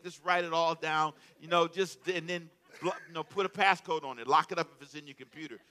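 Animated man preaching a sermon. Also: a little high, brisk, hardly any pauses. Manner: animated, repeats words, calls out to the congregation. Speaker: pastor.

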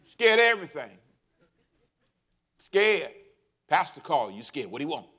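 Animated, bright-voiced male preacher. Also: on the high side, unhurried, slightly rough. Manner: animated call-and-response preaching, rising to shouts; folksy, laughs at his own stories. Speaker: pastor. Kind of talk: sermon.

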